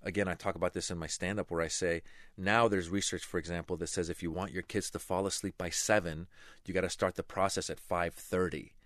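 Middle-aged male comedian from Iran, animated anecdotes, fairly low voice, close and dry. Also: a little fast, no echo. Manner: lively, acts out voices in anecdotes. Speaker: stand-up comedian guest. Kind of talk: animated storytelling interview.

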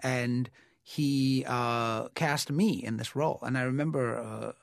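A man speaks as a guest in an interview, reflective and unhurried as he tells stories, often pausing on fillers and restarting his sentences. His voice sits at a middle pitch. The recording is close and dry, with no room sound. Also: steady tone, gravelly, no echo. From United States. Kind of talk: conversational interview storytelling.

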